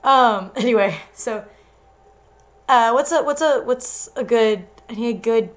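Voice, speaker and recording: A woman's voice: a little high, a little slow. A young woman doing a comedic reading of a story, breaking off into giggly asides. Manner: giggly, interrupts herself with asides. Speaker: reader and co-host. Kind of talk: comedic dramatic reading with commentary.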